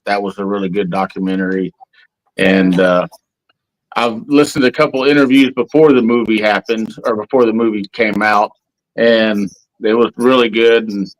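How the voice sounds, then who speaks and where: A man's voice: lowish voice, fairly bright tone, rough recording. Easygoing man, rambling. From Texas. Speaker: podcast guest. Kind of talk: casual round-table chat.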